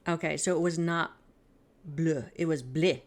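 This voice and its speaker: Playing a mystery game, this female streamer chats casually, pokes fun at herself, and keeps breaking into giggles as she narrates her let's-play. She speaks in a low, unhurried voice, with slight background noise in the recording.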